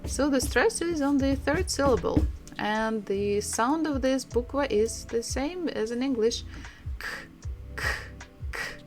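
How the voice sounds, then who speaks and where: Russian-accented woman teaching slow, repeats words a lot, faint music under. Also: sits high, a little mellow. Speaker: language teacher. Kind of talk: online language lesson. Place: home room.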